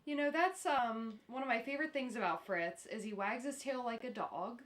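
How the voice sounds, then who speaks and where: Female stream regular, higher pitched, soothing and affectionate. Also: normal speed, a bit bright. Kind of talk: casual livestream chat.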